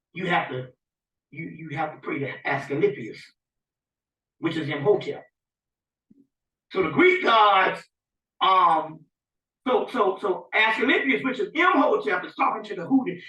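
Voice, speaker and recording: High, bright-voiced man lecturing in an echoey room. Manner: rambling, animated, often asks "you see what I'm saying". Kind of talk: informal spiritual lecture. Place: rented lecture room with a small audience. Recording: dull, echoey room recording from a distance.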